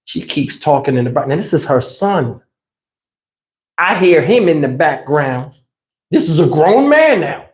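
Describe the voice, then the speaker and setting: A man hosting a livestream, telling a wild personal story in an excitable, conversational way. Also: on the high side, a little slow. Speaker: channel host.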